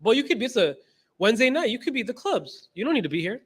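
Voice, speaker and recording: A man's voice: very high-pitched, very animated, quick pace, husky. A man giving a class lecture as a religious teacher, emphatic and repeating key phrases, retelling stories with quoted dialogue.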